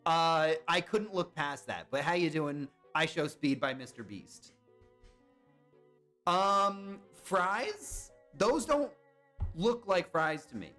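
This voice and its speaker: A young man chatting casually on a live stream, excitable and swearing when he guesses wrong. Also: high voice, slow, soft background music. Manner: excitable, swears and yelps at misses.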